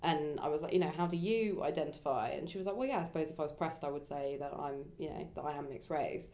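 Low-voiced young woman, rambling. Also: fast. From England. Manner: reflective and rambling, high and lively when quoting others. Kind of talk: casual conversation.

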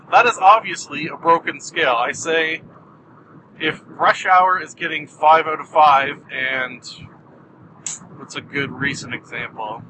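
A man hosting a solo podcast, talking in a wry, deadpan, self-mocking way with jumpy, animated delivery. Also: on the high side, takes it slowly, long pauses, slight background noise, poor audio. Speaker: podcast host.

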